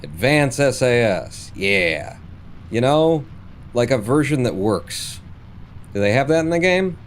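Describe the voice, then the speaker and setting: Here the same kind of live space-game commentary comes slowly, in a mid-range voice with big swings in pitch. He mutters, curses the game, and sounds sarcastically fed up over slight background noise.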